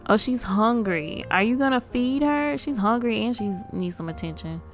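A woman's voice: fairly high pitch, animated, moderate pace, faint music behind. A woman casually narrating a life-sim game, chatty and amused, talking to the characters on screen. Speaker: game streamer.

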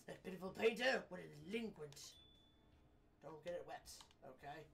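A woman's voice: on the low side, expressive, moderate pace, gravelly, slight background noise, voice pushed down. Brief: a woman doing a haughty posh British tycoon in a game, scornful and clipped, slightly distant mic. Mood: haughty scolding. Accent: posh British, put on. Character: pompous posh old businessman, impatient, scornful.

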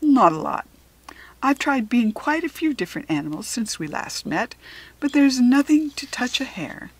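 A woman reading a storybook and voicing a wise, cryptic magical hare, with a breathy, calm and knowing manner. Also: on the high side, moderate pace, dry recording, voice pushed up, poor audio.

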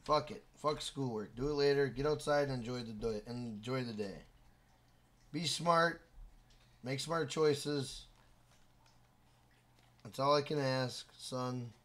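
A man live-streaming a video game, loud and casual, swearing often and scolding his son between comments to the chat. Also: mid-range voice, slow, long pauses. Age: adult with a school-age son.

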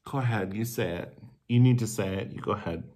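A man with a fairly low, dark-toned voice performs a comedic sketch monologue to the camera at his city home. Cast as a supportive friend, he gushes and coaxes with sympathy, leaning hard on drawn-out stressed phrases before breaking into indignant bursts of swearing.

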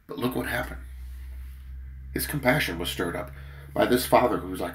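Earnest deep-voiced man preaching. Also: normal speed, pauses often, slight background noise. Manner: earnest, emphatic, swells and drops in loudness. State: worn out. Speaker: preacher leading a daily prayer. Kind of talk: devotional sermon with scripture reading.

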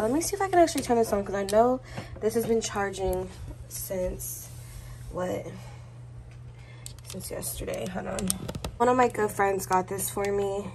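A woman's voice: medium pitch, background noise. A young pregnant woman giving a casual, gushing tour of her baby's corner at home, a little out of breath and often correcting herself. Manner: chatty, self-correcting, gushing. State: heavily pregnant, a bit out of breath. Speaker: vlogger.

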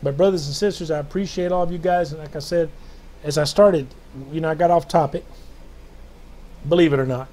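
A man's voice: on the high side, steady tone, a little fast, pauses often, warm tone. A tired, jet-lagged man from the United States preaching an informal video sermon, rambling and then rising to emphatic bursts.

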